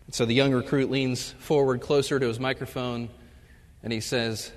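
A man's voice: mid-range voice, fairly even intonation, normal speed. Guy professor doing a chapel talk, jokey stories, long reverb from a big room. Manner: storytelling, acts out jokes with loud shouted voices. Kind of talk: humorous chapel talk with anecdotes. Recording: long reverb of a large hall.

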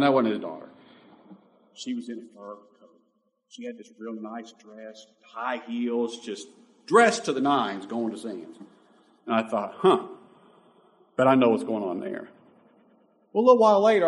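A man preaching a sermon, emphatic, with sudden loud peaks. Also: mid-range voice. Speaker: pastor.

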